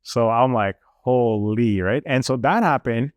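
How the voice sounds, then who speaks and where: Animated young man telling a story. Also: medium pitch, a little slow, no echo, clean studio sound. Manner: animated, lots of fillers, mimics officials. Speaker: guest telling a travel story. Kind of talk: casual storytelling.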